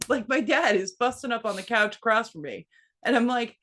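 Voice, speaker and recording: A woman in her thirties casually telling a story, swearing freely and putting on a high voice when she quotes someone. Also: brisk. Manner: profane, animated, quotes her son in a high voice.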